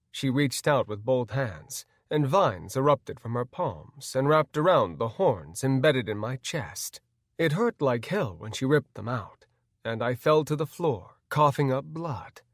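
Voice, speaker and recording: Slow, measured male audiobook narrator. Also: medium pitch, lively intonation, no echo, clean studio sound. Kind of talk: first-person audiobook narration.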